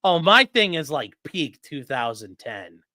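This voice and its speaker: Bright-voiced profane man in late 30s. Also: fairly high pitch, unhurried, no echo. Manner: profane, animated, gun jargon. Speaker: livestream host. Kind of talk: casual storytelling.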